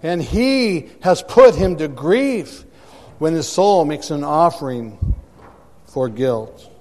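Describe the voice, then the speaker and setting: A man's voice: fairly high pitch, expressive, slow, a little mellow, long reverb tail. A man preaching a sermon to a congregation, emphatic and repeating words for effect, recorded in a church sanctuary. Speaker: pastor.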